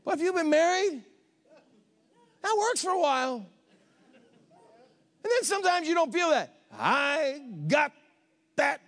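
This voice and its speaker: A male pastor preaching a sermon, emphatic, with shouted lines and playful asides. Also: extremely high pitch, lively intonation, measured pace, pauses often.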